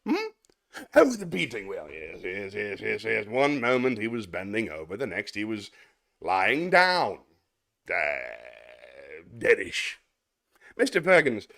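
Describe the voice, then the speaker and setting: A man's voice: mid-range voice, a bit bright, exaggerated voice. A man playing a pompous, callous headmaster. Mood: furious. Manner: stiff, formal, outraged bluster. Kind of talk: comic monologue performance.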